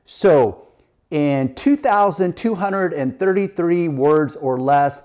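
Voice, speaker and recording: A man in his fifties, a detailing instructor giving a motivational tutorial, lively and acting out imagined reactions. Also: fairly high pitch, slow pace. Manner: animated, quotes imagined reactions with "whoa".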